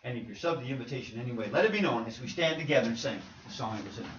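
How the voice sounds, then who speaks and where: A man's voice: medium pitch, animated, rapid-fire, a bit bright, a little hiss or hum. A man preaching an earnest, plain-spoken sermon to his congregation in a church, calling them "folks". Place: church sanctuary. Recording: roomy, distant, muffled church recording.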